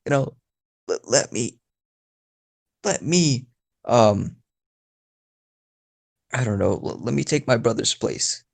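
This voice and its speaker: A man voicing a six-year-old girl, a pleading little sister, in a strained, higher put-on voice. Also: expressive, slow pace, gravelly, long pauses, full character voice.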